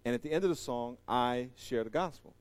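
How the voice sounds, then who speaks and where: A man preaching a sermon, animated and joking, swinging from loud emphatic lines to quiet asides. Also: medium pitch, fairly quick. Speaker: pastor.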